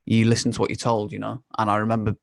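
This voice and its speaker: Young man, podcast host, low voice, even delivery, casual candid monologue. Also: quick pace, creaky, no echo. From United Kingdom. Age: young adult. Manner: candid and conversational, swears and laughs often.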